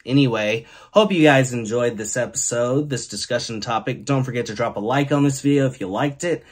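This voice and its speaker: A man's voice: mid-range voice, fairly quick. A male host giving a laid-back comedic monologue and reading silly fill-in-the-blank stories aloud. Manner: joking, laid-back storytelling; reads mad-lib stories aloud. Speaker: podcast host.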